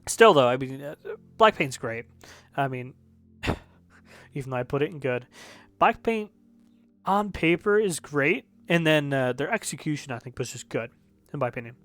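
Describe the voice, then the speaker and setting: A man's voice: mid-range voice, animated, normal speed, long pauses, a bit bright, no room sound. A man reviewing songs in casual commentary, rambling and correcting himself, with the odd swear word. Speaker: music reviewer.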